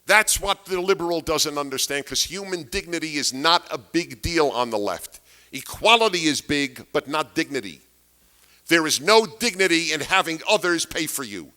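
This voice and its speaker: Bright-toned emphatic man lecturing. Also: fairly high pitch, lively intonation, normal speed. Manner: emphatic, rhetorical questions, repeats key phrases. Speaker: speaker giving a talk. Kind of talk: political lecture to an audience.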